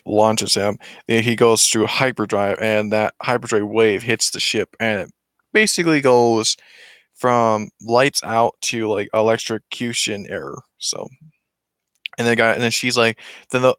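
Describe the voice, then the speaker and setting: A man's voice: medium pitch, smooth, dry recording. Rambling man retelling a film. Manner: rambling and excited with many restarts.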